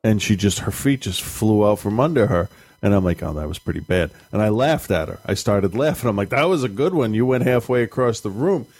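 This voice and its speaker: A man's voice: lowish voice, animated, a little fast, darkish tone, no room sound. A man in his thirties talking casually as a podcast co-host and father, blunt and swearing, laughing at himself. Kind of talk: casual chat.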